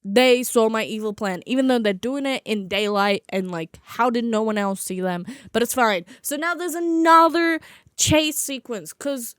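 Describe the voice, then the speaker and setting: A young woman with a slight lisp recaps a movie in a sarcastic, exasperated, mocking way. Her voice sits a little high and sounds smooth and clear. It is recorded close and dry. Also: expressive, moderate pace, dry recording. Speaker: movie reviewer. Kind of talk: casual comedic movie recap.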